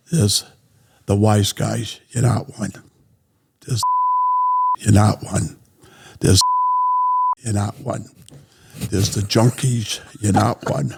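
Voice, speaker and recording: A man telling a story in a blunt, profane, animated way as an interview guest. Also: lowish voice, vocal fry, a little hiss or hum. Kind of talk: casual storytelling.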